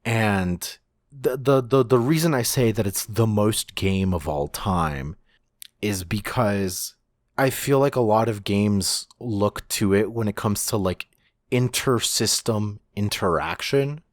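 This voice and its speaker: Podcast guy, lowish voice, slow, rambly w/ swearing, super dry mic. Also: no room sound. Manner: rambling, swears casually, many restarts. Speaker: podcast co-host. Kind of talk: casual podcast chat.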